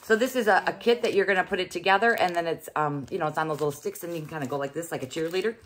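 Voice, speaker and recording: A woman's voice: on the low side, rapid-fire, a little hiss or hum. A middle-aged woman hosting a casual unboxing vlog, chatty and exclaiming as she thinks aloud. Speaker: host.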